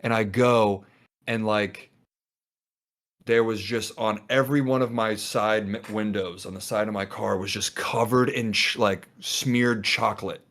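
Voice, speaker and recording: On the podcast, a young male co-host with a low-leaning voice speaks unhurriedly. He rambles through a story in casual conversation with friends, getting animated and performing the quoted voices himself.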